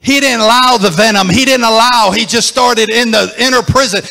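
A man preaching a sermon as pastor, emphatic and repetitive, his voice rising into shouts. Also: very high-pitched, normal speed, in a large hall. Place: church sanctuary.

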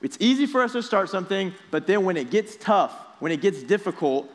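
Upbeat youth pastor in an echoey hall. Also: male voice, high-pitched, a little fast. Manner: casual, energetic, quizzes the students. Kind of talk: youth group sermon. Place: large hall with students.

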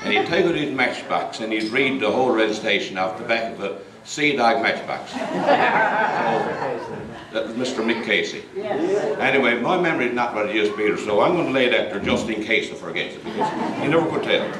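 A man giving a lively comic recitation at a community concert. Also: mid-range voice, fairly quick, over a noisy crowd. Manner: lively storytelling. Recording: echoey hall, mic far off.

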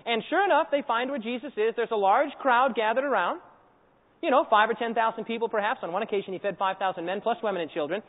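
Male preacher, high bright voice, animated storyteller, phone-quality audio with long hall reverb. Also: fast. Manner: animated storytelling, acts out scenes and quizzes the audience. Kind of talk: sermon. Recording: echoey hall over a tinny phone-like line.

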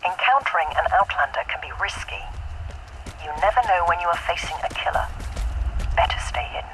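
A woman voicing a calm female game announcer who gives survival warnings in a low, partly whispered delivery. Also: brisk, noisy background, close to an everyday voice. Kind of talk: scripted game announcer lines.

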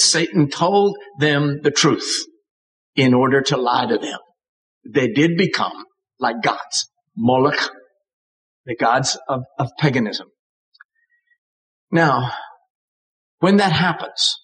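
This older man's sermon comes through poor audio, his voice on the high side and a bit bright. He preaches with dramatic emphasis, giving voice to God and the characters in his message.

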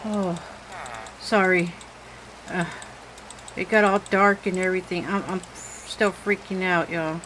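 Slow-talking jumpy woman gamer. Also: on the low side, fairly even intonation, fairly bright tone, slight background noise, rough recording. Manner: jumpy, exclaiming, talks to viewers directly. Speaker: gaming channel host. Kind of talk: horror game let's-play commentary.

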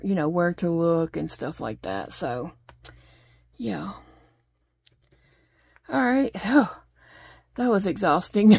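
A woman's voice: fairly low pitch, vocal fry, a little mellow, no room sound, clean studio sound. A middle-aged woman chatting casually at home while she crochets, rambling along and talking to her pets. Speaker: crochet vlogger. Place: home desk.

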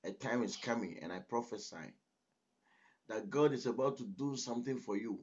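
A man's voice: medium pitch, normal speed, breathy edge. A man preaching a sermon as pastor, emphatic and exhorting, often breaking in with "listen". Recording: dull lo-fi recording.

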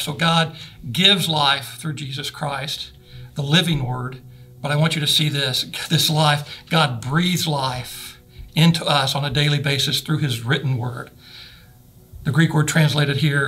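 A male pastor preaching a sermon in a church, earnest and stressing key words slowly. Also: on the high side, fairly even intonation, pushed and bright, soft background music. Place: church sanctuary.

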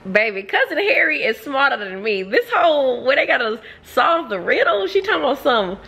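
A woman with a high, lively voice, talking straight to her viewers in a book reaction vlog. Her tone is bright and sharp, and she exclaims and swears freely as she reacts. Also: normal speed, creaky. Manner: animated, profane, exclamatory chatter addressed to viewers. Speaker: book vlogger. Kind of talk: casual reading reaction vlog.

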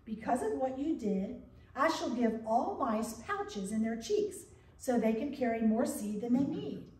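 A woman's voice: fairly high pitch, animated, a little slow, a little mellow. A woman pastor voicing a kind, wise male creator spirit in a storybook read-aloud. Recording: echoey church from a distance.

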